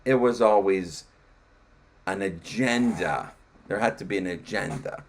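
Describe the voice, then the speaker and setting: A man's voice: low voice, measured pace, a little hiss or hum. A man hosting a podcast in casual conversation, telling stories with lots of restarts. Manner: animated storytelling with many restarts. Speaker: podcast host.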